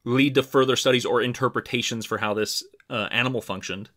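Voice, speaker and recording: A man co-hosting a science podcast, explaining fossil research in a relaxed, chatty way with some restarts. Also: mid-range voice, a little fast. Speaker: podcast co-host. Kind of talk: casual science podcast chat.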